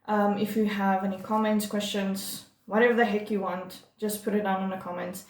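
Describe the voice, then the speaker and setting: A woman's voice: medium pitch, little pitch movement, normal speed. Woman booktuber gushing about books, chatty, lots of ums, echoey room. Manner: chatty and gushing, many fillers and restarts. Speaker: book vlogger. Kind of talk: casual monthly reading wrap-up.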